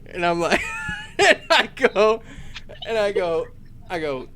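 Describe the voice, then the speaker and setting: A man playing a tabletop role-playing game, talking in character in an animated, stammering way and laughing often. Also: sits high, takes it slowly, pauses often, a little hiss or hum. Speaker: player.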